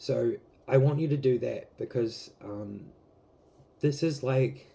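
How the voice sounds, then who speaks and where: A man giving a casual tarot reading to camera, rambling with many fillers and gently emotional, close to tears. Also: medium pitch, slow, gravelly. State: teary, close to crying. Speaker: tarot reader.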